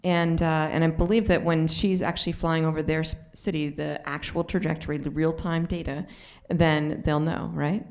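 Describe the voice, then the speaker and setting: A woman's voice: deep voice, level tone, moderate pace, few pauses, darkish tone. A woman hosting an event, chatting upbeat on stage, rambling a little while she searches for words. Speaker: event host. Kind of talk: casual onstage chat.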